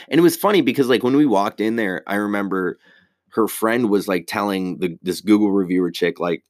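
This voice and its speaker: A man's voice: fairly low pitch, normal speed, no room sound, studio quality. A man on a casual, rambling rant, heated and swearing heavily.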